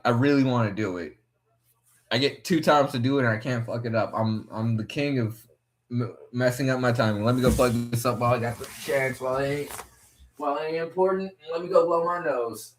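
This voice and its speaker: A man's voice: medium pitch, brisk, slight background noise. A young man from West Virginia rambling casually as a host while watching fights, swearing freely and talking to himself.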